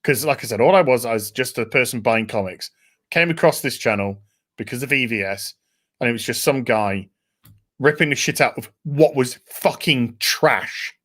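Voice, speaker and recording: A man's voice: mid-range voice, animated, moderate pace, fairly bright tone. A man hosting a casual podcast, swearing freely and reading out viewer messages. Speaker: podcast host.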